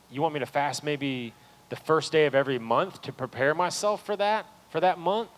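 A man's voice: a little high, poor audio. Impassioned man preaching a sermon. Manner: impassioned, rises to loud pleading peaks. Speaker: pastor. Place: church sanctuary.

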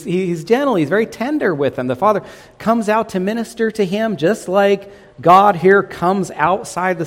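A pastor preaching a sermon, asking his congregation questions and coaxing them to answer. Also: sits high. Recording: long reverb of a hall.

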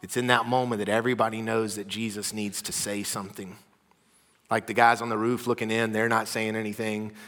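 A man preaching a sermon, telling personal stories with animated energy that drops to a hushed voice. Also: on the low side, brisk, in a large hall. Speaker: pastor. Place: church hall.

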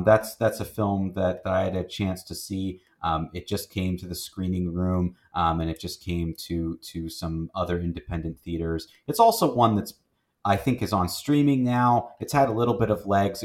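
Casual low-voiced man reviewing films. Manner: rambling, filler-heavy, self-restarting. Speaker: film review host. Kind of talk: casual movie review chat.

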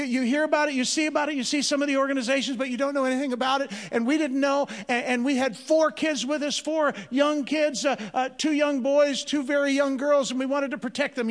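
A man's voice: very high-pitched, steady tone, fast talker, few pauses. A man who is a Christian missionary tells his story to an audience in an earnest way, often repeating words as he presses a point. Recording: long reverb of a large hall.

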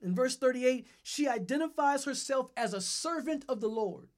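A man's voice: extremely high pitch, animated, moderate pace. A man preaching a sermon and leading his listeners through repeated phrases with strong emphasis on each word. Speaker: pastor.

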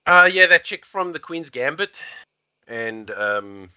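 Animated rambling man with a bright voice. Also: on the high side, slow, clear, resonant tone, dry recording, highs cut off. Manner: rambling, animated, many fillers. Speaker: podcast co-host. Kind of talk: casual chat.

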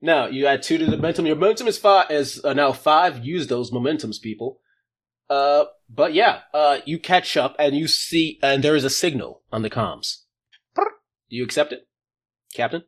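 A man's voice: on the high side, normal speed. A man running a tabletop role-playing game as game master, joking about how his plans went wrong. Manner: jokey, laughing at his own plans going wrong.

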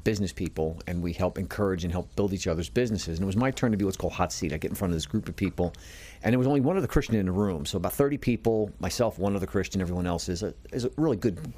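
A middle-aged man with a very low, deep voice talks quickly and earnestly. He tells his story with animation and acts out the lines of the people he quotes, like a seasoned motivational speaker. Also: darkish tone. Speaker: guest, motivational speaker and business coach. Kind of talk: conversational storytelling.

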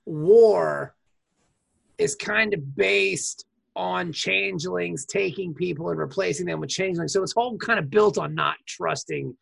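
Gravelly, husky woman chatting casually. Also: on the low side, unhurried. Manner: relaxed, rambling, thinking aloud. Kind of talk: casual chat.

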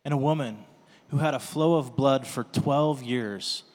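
A man giving a slow, deliberate scripture reading. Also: medium pitch, darkish tone. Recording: echoey hall.

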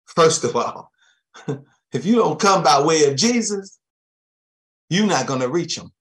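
A man preaching a sermon, chuckling often and dropping amens and soft thanks to Jesus between his points. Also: fairly high pitch, lively intonation, a little slow.

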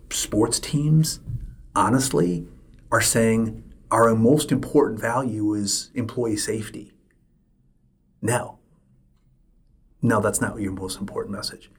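A man's voice: mid-range voice, creaky, slightly rough. A middle-aged man hosting a solo podcast, talking emphatically and repeating his points for stress. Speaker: podcast host.

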